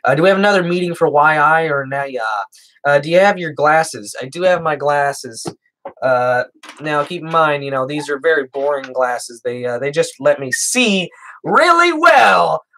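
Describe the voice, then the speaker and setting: A man's voice: on the high side, normal speed, a bit bright. Rambling young man streamer, lots of uhs. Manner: rambling and hesitant, with frequent "uh" and chuckles. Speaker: streamer answering chat. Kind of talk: casual livestream Q&A.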